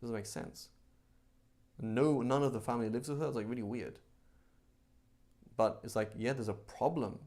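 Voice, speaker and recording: A man's voice: medium pitch, normal speed, long pauses, darkish tone. Male teacher, mid-range voice, casual chatty lecture style with lots of asides. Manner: chatty, conversational, with frequent asides and rhetorical questions. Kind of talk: casual religious class.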